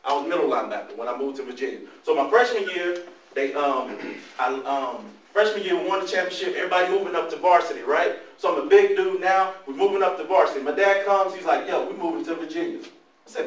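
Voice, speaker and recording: Lively man speaking to youth in an echoey room. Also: high voice, brisk, slight background noise. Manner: animated storytelling, talks to the audience. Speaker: motivational speaker. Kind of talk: motivational talk to youth. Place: large room, speaking to a live audience. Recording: echoey room, mic far off.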